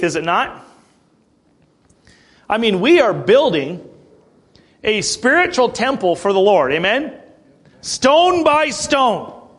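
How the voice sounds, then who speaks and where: A man preaching a sermon who reads scripture aloud, explains it in plain everyday words, often clears his throat and checks in with his listeners. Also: high voice, fairly bright tone. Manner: checks in with listeners, "Okay?" and "Amen?".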